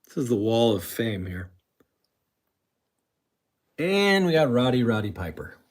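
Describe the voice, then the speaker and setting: A man's voice: medium pitch, very animated, unhurried. A man hosting a casual live stream who rambles, reads viewer comments aloud and walks around his room while he talks. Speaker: livestream host. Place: room at home with an autograph wall.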